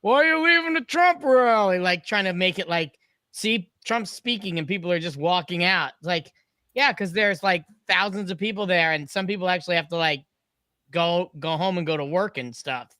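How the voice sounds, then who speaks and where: A cheeky male puppet sidekick, voiced by a man, piping up with teasing wisecracks in a high, sharp, bright voice. The sound is dry and close, with no room around it. He chatters along like a mischievous studio companion. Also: moderate pace, smooth, no echo. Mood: chatty.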